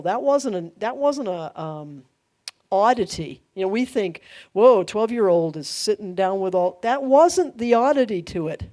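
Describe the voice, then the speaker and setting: A middle-aged woman pastor teaching a Bible study, animated, laughing often and acting out quoted lines. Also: mid-range voice.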